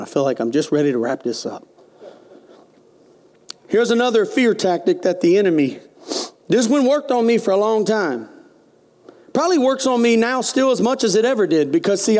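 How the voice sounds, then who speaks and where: A man's voice: on the high side, a little mellow. A man preaching a sermon as pastor, calling out questions to his congregation. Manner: folksy preaching with call-and-response.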